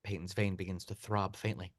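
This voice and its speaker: A man reading a screenplay's action lines aloud as narrator, in steady read-aloud narration. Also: low voice, brisk, dry recording, studio quality. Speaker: narrator of stage directions.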